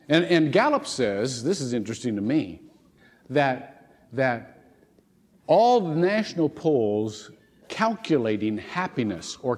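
A man preaching a sermon in a casual, animated way, laughing often and restarting his sentences. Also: a little high. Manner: animated and conversational, with many restarts and chuckles. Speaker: pastor. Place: church sanctuary. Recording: long church hall reverb.

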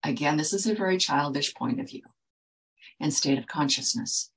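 Woman, slightly low pitch, earnest, lecturing, talking to viewers. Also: normal speed, a bit bright, low-quality recording. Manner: earnest, lecturing, asks "okay?" to check in. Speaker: wellness speaker. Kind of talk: direct-to-viewer talk.

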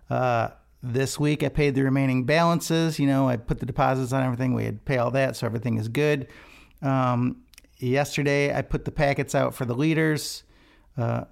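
A man's voice: mid-range voice, vocal fry. A man who leads worship at a church, chatting in a casual devotional vlog, rambling a little with restarts and asides.

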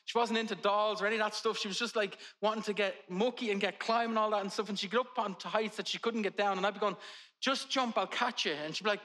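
Bright-voiced pastor preaching. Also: male voice, sits high, fairly even intonation, quick pace, few pauses. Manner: conversational preaching with humorous family anecdotes. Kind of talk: sermon.

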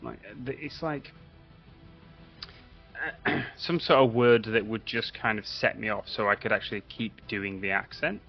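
A man's voice: on the low side, steady tone, a little slow, gravelly. A man who does voice acting, a podcast guest telling his story in casual chat, hesitant and full of fillers and restarts. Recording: dull lo-fi audio with faint music.

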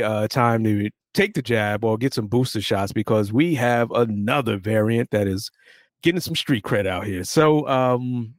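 A man co-hosting a podcast, relaxed and playful, running through news items and steering the talk. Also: mid-range voice, no echo, clean studio sound. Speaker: podcast co-host. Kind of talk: casual chat and news rundown.

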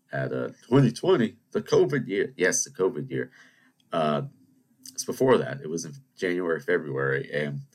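A young adult man hosting a podcast, telling meandering personal stories full of restarts and asides. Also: a bass voice. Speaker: podcast host. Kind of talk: rambling anecdotal storytelling.

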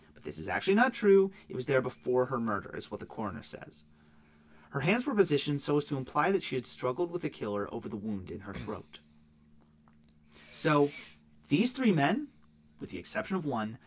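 A man co-hosts a casual true-crime podcast. He reads through case notes at a brisk clip with plenty of swing in his pitch and drops in quick offhand asides. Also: a bit bright. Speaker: podcast co-host.

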